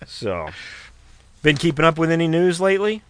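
A man's voice: fairly high pitch, very animated, moderate pace, fairly bright tone. A man hosting a radio talk show, chatting casually and telling rambling jokes. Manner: rambling, joking storyteller. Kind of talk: casual on-air chat.

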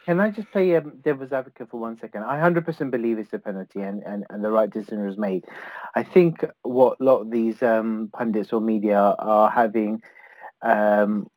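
A man in a casual football chat, speaking in a measured, hesitant way. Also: fairly low pitch, a little mellow, no echo, poor audio.

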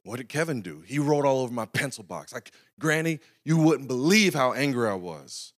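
A man's voice: medium pitch, expressive, moderate pace. A young adult man, a pastor, preaching in a conversational storytelling style and often checking in with the congregation. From North Carolina. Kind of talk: sermon storytelling.

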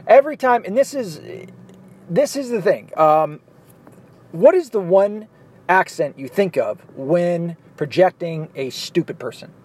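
A man's voice: sits high, a little mellow. A blunt, profane man from the American South, ranting his opinions in a monologue while driving. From Southern US, Arkansas. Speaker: vlogger. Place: inside a car, driving. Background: faint car and street noise.

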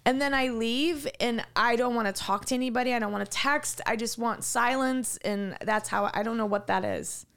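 Woman podcast co-host, slightly high and gravelly, animated storyteller who does other people's voices, halting with restarts. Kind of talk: casual chat.

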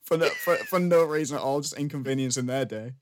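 A young man co-hosting a casual film podcast, relaxed and wry, chuckling as he talks. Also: a little high, quick pace, a little hiss or hum. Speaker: podcast co-host.

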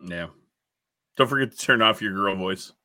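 A man's voice: lowish voice, moderate pace, sharp tone. A man co-hosting a casual podcast chat, teasing and laughing with short replies. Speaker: podcast co-host.

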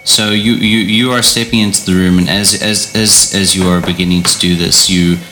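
Deep-voiced man running a horror game. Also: fairly even intonation, sharp tone, soft background music. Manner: halting, repeats words while describing scenes. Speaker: game master. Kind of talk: narrating a tabletop horror game.

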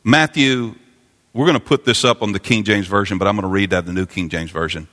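A man preaching a sermon as pastor, repeating phrases and building to loud, fervent climaxes. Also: on the low side, fairly quick. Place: church sanctuary. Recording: long church reverb.

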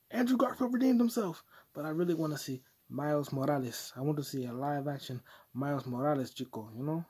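Husky guy rambling on his own podcast, crude and profane, hopping topics, middle pitch. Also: fairly quick, mellow. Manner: crude, profane, jumps between topics, puts on mock voices. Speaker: podcast host. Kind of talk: rambling solo podcast monologue.

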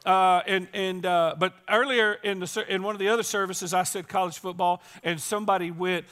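Squeaky-voiced joking pastor, a man. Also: steady tone, normal speed, hardly any pauses, pushed and bright. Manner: joking, playful, teasing the audience. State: voice strained and squeaky today. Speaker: teaching and campus pastor. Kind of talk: Easter sermon to a live congregation. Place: church service.

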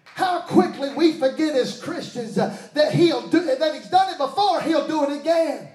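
Man, pastor, high-pitched, roomy echo, shouted call-and-response sermon. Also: lively intonation, normal speed, faint music behind. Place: church. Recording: echoey church hall.

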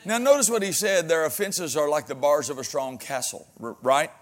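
In this clip, a man preaches as a pastor at a normal speed, his voice pitched fairly high. He mixes folksy humor with many amens and moves back and forth between booming exhortation and soft asides.

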